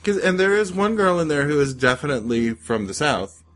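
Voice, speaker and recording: A man's voice: a little high, sing-song, a little fast, fairly bright tone. A man co-hosting a podcast in casual chat about a horror short, trading dry, wry quips. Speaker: podcast co-host.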